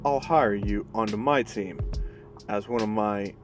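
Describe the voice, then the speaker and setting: A man voicing a scheming young male goblin inventor who talks calmly and coldly, with music playing behind. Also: fairly low pitch, unhurried, close to an everyday voice. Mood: calculating. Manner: calm, calculating, grandly menacing.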